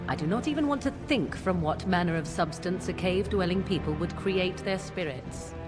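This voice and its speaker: A sardonic female companion, as a woman plays her, with a fairly low voice and dry, scornful remarks. Loud game music plays behind her. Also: moderate pace, close to an everyday voice.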